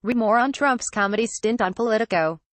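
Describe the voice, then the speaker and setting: A woman's voice: on the high side, brisk, dry recording. Woman reading trade news, dry. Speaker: newsletter narrator.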